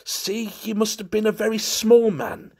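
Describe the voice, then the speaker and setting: A man voicing a panicked gentleman who speaks loudly, rapidly and frantically as he tears at a dead man's shoes. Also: high voice, fairly even intonation, gravelly, breathy edge, pitched above the performer's own voice, heavily acted. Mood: frantic.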